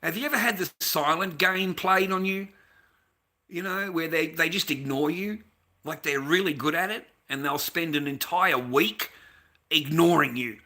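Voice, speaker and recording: Sharp-voiced swearing Australian man. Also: fairly high pitch, normal speed. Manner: profane, rambling, lecturing. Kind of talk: casual rant to viewers.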